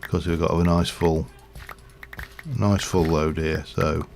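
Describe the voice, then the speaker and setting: Deep gravelly rambling man. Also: little pitch movement, unhurried, darkish tone, soft background music. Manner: rambling, chatty, with fillers and chuckles. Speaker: live streamer. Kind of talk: casual chat while playing a game.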